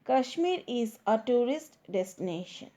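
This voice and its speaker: A woman teacher giving a grammar lesson, speaking deliberately and stressing the key words as if dictating to students. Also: on the high side, very animated, mellow.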